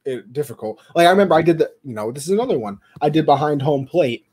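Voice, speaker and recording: A young man co-hosting a casual sports show. His voice sits a little high, and he tells stories with lively energy, slipping into the voices of the people he quotes. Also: quick pace, slightly rough. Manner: animated storyteller, acts out quotes. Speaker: podcast co-host.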